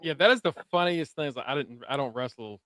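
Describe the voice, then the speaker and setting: A man's voice: medium pitch, quick pace, over a noisy crowd. A man co-hosting a wrestling podcast, recapping the show in casual chat and acting out what wrestlers said. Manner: animated storytelling, acts out quotes. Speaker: podcast co-host.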